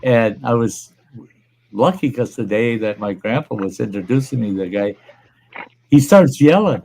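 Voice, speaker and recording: A man's voice: on the low side, moderate pace, creaky, a little hiss or hum. A man hosting a casual online chat, telling a long farm story with plenty of swearing and acting out the people in it. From Upper Midwest United States. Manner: profane, animated storyteller acting out quoted people. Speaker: host.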